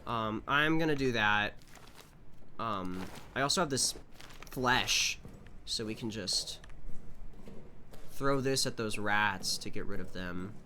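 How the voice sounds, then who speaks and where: A man giving chatty, animated commentary as he streams a game live and talks to his chat. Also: lowish voice, slow pace, long pauses, slight background noise.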